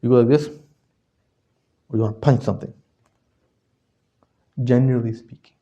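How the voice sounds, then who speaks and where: A man leads a class with a string of questions, pressing his listeners for answers and checking that they follow. His voice has a mellow, darker tone, and it rises loud and then drops quiet. The recording sounds dull and lo-fi. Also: medium pitch, a little slow. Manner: questioning, checks understanding constantly; animated, swings from loud to quiet. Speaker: religious teacher. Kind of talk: interactive lecture to a class.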